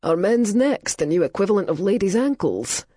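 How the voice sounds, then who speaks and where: A woman doing a cheeky roguish gentleman. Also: medium pitch, sing-song, normal speed, slightly rough, no echo, studio quality, voice pushed up. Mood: wry. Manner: wry, flirtatious.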